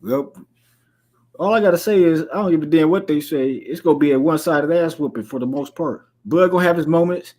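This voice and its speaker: Fast-talking man, rambling and insistent. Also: on the high side, a little mellow. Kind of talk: casual debate.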